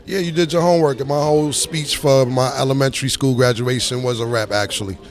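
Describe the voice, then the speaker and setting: A man's voice: medium pitch, steady tone, fast talker. A middle-aged man with a New York accent and a slight lisp, talking casually as an interview guest in a music club. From Harlem, New York. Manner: laid-back, drawling, with a slight lisp. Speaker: rapper guest.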